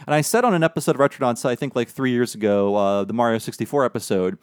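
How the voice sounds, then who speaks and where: A man hosting a podcast in relaxed, chatty conversation, laughing often. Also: medium pitch, fast talker, clean tone, no echo, studio quality. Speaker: podcast host. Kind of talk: casual podcast chat.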